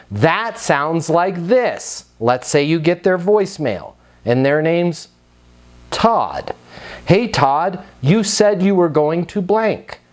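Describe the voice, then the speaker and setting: Male sales coach, higher voice, energetic, acts out calls. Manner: punchy, emphatic, acts out sample phone calls. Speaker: sales trainer. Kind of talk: energetic sales training talk.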